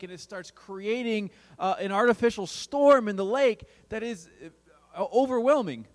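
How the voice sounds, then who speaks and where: A man preaching a youth sermon, telling a story with big swings in pitch and volume. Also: big-room sound. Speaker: youth pastor.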